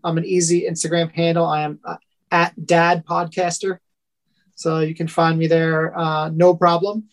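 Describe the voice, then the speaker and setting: A man with a thick New York accent, a podcast guest telling stories in a halting way, often restarting and laughing. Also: a little high, level tone. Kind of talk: casual interview chat.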